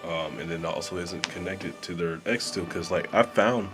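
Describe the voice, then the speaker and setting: A low-pitched man talks straight to camera in a loose, rambling vlog manner, padding his sentences with fillers. He is in a small room with dampened sound. Soft music sits faintly behind him. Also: moderate pace. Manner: rambling, filler-heavy, conversational. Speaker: vlogger and musician. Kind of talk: casual talk to camera.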